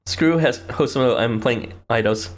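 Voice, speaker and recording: A woman's voice: very deep voice, moderate pace. A woman streamer giving game playthrough commentary, reading lines aloud with laughing, swearing, incredulous asides.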